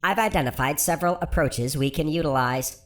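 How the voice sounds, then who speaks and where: A man voicing a calm, precise male ship AI that answers in short, formal replies in an audiobook. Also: a little high, a little fast, voice pushed up, natural voice. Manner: terse, formal. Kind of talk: audiobook character voice.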